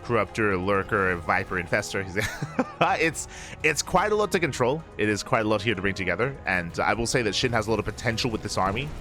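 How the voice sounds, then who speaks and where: Excitable male game caster over music. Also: on the low side. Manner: excitable, rising sharply in big moments. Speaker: esports caster. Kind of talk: live game commentary.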